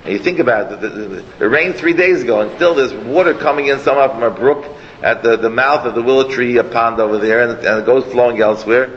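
A man teaching a Torah class as a rabbi, animated and rambling, sprinkling Hebrew and Yiddish words into his talk. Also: mid-range voice, quick pace. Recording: long hall echo, dull lo-fi, faint noise.

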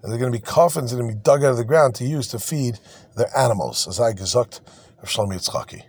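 A teacher gives a text-study lecture, reading passages aloud and explaining them in everyday words while animatedly acting out the dialogue. His voice is medium-pitched, fast and husky, with no echo.

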